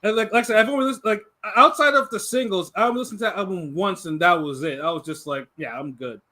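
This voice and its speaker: Male co-host, high and bright, chatty with stuttering restarts. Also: quick pace. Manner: stammering restarts, laughs often. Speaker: podcast co-host. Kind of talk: casual chat.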